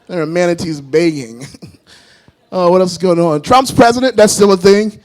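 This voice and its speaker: A man performing a self-mocking stand-up comedy set on a club stage, animated and laughing at his own jokes. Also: sits high, moderate pace.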